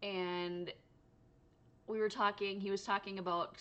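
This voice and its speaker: Woman vlogger, exhausted and giggly, loose rambling chat, crisp bright tone. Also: lowish voice, steady tone, normal speed. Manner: tired, rambling, laughs often. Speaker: crochet vlogger. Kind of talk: casual chat to camera. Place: home room.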